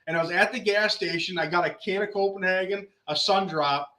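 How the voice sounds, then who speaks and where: A man's voice: sits high, fairly quick, pushed and bright, reverberant, poor audio. A man hosting a podcast, telling rambling stories in casual chat and swearing often. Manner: swears a lot, rambling storyteller. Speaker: podcast host.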